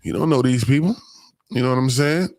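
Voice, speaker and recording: A man's voice: mid-range voice, a little fast, a little mellow, dry recording. A man hosting a casual live stream, swearing freely, laughing often and reading viewer comments aloud. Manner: profane, laughs a lot, reads comments aloud. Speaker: livestream host.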